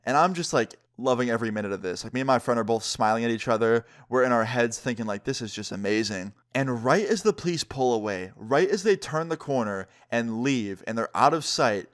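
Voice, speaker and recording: A man telling a story to his viewers in a casual, animated way, swearing freely. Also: medium pitch, fairly quick, few pauses. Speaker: vlogger.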